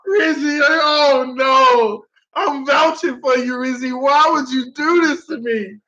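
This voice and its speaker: At normal speed, a man with a notably high voice gives excitable, theatrical play-by-play of a live football game, full of slang and loud groans. The audio is lo-fi and dull with muffled highs.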